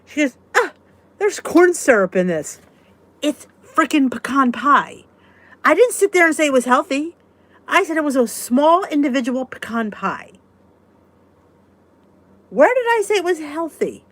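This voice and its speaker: A chatty woman hosts a live support stream, her voice bouncing up and down as she reads comments and vents. She sits a little high in pitch and talks casually with quick exclamations. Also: sing-song, fairly bright tone, no echo. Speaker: host of a live weight-loss support chat.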